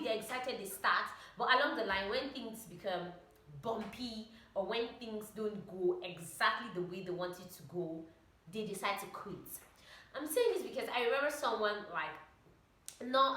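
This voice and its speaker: A woman vlogger giving a chatty motivational talk to camera, animated and full of "like" and "oh my God.". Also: mid-range voice. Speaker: vlogger and trainee pilot. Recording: echoey room.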